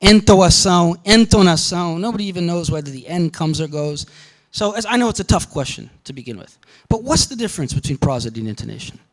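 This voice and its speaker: A man with a high-pitched voice teaching a university class. He thinks aloud as he explains, circling back with restarts and fillers before landing on his point. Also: expressive, quick pace. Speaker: linguistics lecturer. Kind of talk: university lecture.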